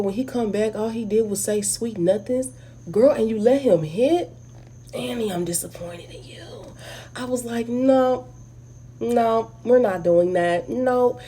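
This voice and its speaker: A woman with an African American English accent giving a blunt, animated, casual movie review straight to her viewers. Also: on the high side, slightly rough. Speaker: video host.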